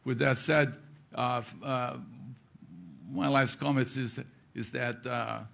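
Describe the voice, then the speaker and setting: Hesitant, gravelly man accepting an award. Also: mid-range voice, steady tone, a bit bright. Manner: halting, hesitant, many fillers. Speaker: honoree giving acceptance speech.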